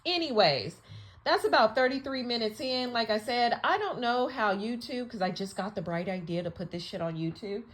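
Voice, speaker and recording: High-pitched woman, channel host; profane, emphatic, scolding monologue. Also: expressive, moderate pace. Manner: emphatic, swings between loud and quiet. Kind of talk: casual rant monologue.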